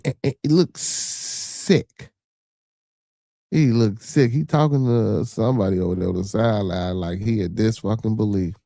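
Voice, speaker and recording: A man's voice: on the low side, gravelly, dry recording, studio quality. Rambling, profane man on a livestream. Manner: rambling, profane, full of shout-outs and fillers. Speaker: podcast host. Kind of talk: casual livestream chat.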